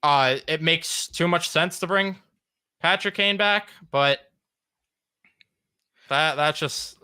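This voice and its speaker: A young man hosts a casual sports podcast, and his voice sits a little high and sounds bright and forceful. He chats loosely and slips into mock-dramatic, theatrical rants. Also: slow, clear, resonant tone. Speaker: podcast host.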